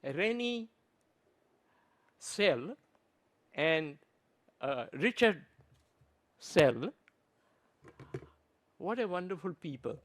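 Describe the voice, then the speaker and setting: A man from Pakistan, giving an earnest, halting conference talk with many restarted phrases. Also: sits high, sing-song. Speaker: conference presenter.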